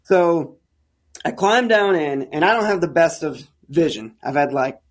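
Podcast guest: American man, casual, lively storyteller, a touch higher pitched. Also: unhurried. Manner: animated, acts out quoted dialogue. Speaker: guest, caver.

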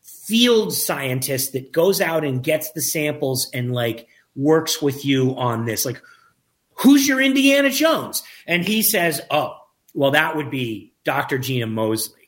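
A man telling a lively anecdote about making a documentary, acting out the quoted dialogue and often restarting his sentences. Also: medium pitch, unhurried. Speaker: documentary filmmaker. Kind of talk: casual storytelling in an interview.

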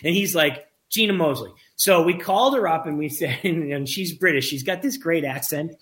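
A man telling a lively anecdote about making a documentary, acting out the quoted dialogue and often restarting his sentences. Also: on the high side, normal speed. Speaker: documentary filmmaker. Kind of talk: casual storytelling in an interview.

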